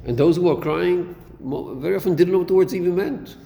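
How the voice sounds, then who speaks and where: A man's voice: high-pitched, fast, vocal fry, few pauses, warm tone. A man giving a classroom lecture on a Chassidic text, asking rhetorical questions and mixing Hebrew terms into his English. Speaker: Torah teacher. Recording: echoey hall recording with faint noise.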